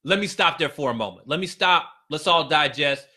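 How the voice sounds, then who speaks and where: A business consultant coaches business owners on a live stream, his slightly high voice expressive, brisk and sharp in tone. He talks emphatically, repeating his key phrases and restarting sentences often.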